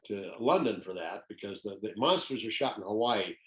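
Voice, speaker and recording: Older man telling lively stories. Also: on the low side, moderate pace, rough recording. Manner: lively anecdotes, laughs often. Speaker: guest actor. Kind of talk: casual interview storytelling.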